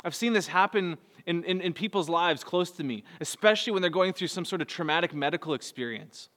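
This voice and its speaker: A man, preaching a sermon earnestly, moving between soft low passages and raised, urgent bursts. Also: lively intonation, brisk. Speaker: pastor. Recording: long hall reverb.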